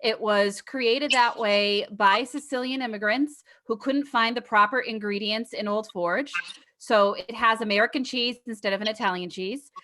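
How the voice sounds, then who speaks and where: A woman's voice: fairly high pitch, normal speed, sharp tone. A woman on a livestream panel, explaining things in an easy, friendly way and laughing readily. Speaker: panel guest. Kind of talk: casual panel chat.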